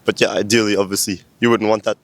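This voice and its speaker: A man's voice: lowish voice, level tone, fast talker, dry recording. A man answering street interview questions, hesitant with frequent "um"s.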